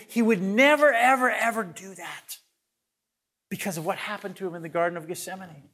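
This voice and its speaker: Male pastor with a high voice, earnest sermon delivery that restarts words and drops to a hush. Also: normal speed. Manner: earnest, repeats words as he builds each point; swings between loud emphasis and soft hushed lines.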